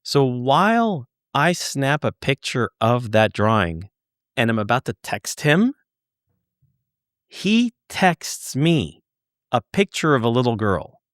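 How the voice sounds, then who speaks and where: A man telling a story as a podcast guest, animated, swearing and repeating words for emphasis. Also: mid-range voice, slow pace, dry recording, studio quality. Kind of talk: casual storytelling.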